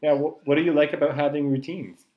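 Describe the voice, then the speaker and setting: A man's voice: fairly high pitch, steady tone, fast talker, darkish tone. A man hosting a family health podcast, encouraging and reading out closing take-home points. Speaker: podcast host. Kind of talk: podcast hosting and interviewing a child.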